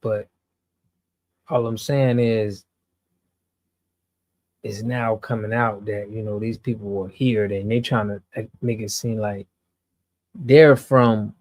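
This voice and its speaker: Earnest low-voiced American host. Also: male voice, fairly even intonation, slow, pauses often, a little mellow, dry recording. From United States. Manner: earnest, repetitive, restarts. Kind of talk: reaction commentary.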